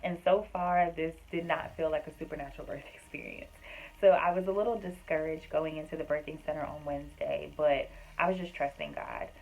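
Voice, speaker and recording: A woman's voice: deep voice, steady tone, a little fast, darkish tone, poor audio. A woman vlogger telling a personal story in a casual, earnest, chatty way, with many fillers. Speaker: vlogger and homemaker.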